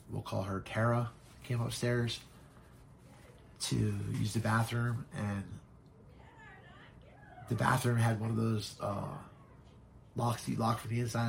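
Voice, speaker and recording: Low gravelly man, frank storyteller. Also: slight background noise. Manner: frank, swears often, halting with fillers. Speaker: podcast guest. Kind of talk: candid personal storytelling.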